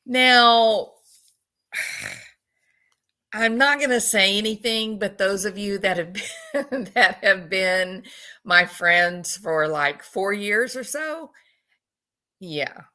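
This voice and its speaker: A woman's voice: medium pitch, big pitch swings, extremely slow, pauses often, sharp tone. A woman giving casual, chatty commentary on a video clip and often asking her viewers questions. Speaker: commentator analyzing body language.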